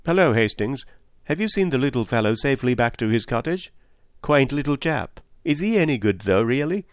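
A man reading an audiobook plays an agitated, proud country gentleman who blusters and pleads by turns, raising his voice. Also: mid-range voice, lively intonation, a little fast, no echo, clean studio sound, voice pushed up, lightly acted. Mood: grumbling.

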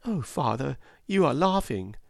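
A man's voice: mid-range voice, big pitch swings, a little slow, creaky, darkish tone, dry recording, studio quality, voice pushed up, heavily acted. A man voicing a spirited young boy in a storybook reading, speaking eagerly. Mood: earnest. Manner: eager, boyish.

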